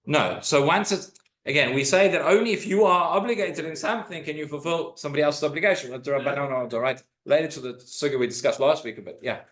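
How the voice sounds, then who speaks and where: Man, rabbi, synagogue class, slightly high voice, explanatory, reads Hebrew quotes. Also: quick pace, fairly bright tone. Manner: explanatory, with frequent restarts and Hebrew quotations. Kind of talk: informal Torah class lecture.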